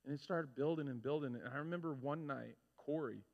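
A male pastor preaching a sermon, telling stories with lively, animated delivery and acting out his own frustrations. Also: medium pitch, brisk, creaky. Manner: animated storytelling, acts out his own complaints. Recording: muffled sound with long hall reverb.

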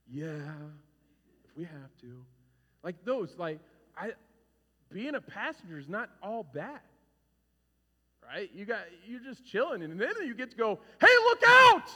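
A man in his forties preaching a sermon as a pastor, animated and conversational, acting out stories with shouts. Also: sits high. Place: church hall. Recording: reverberant hall.

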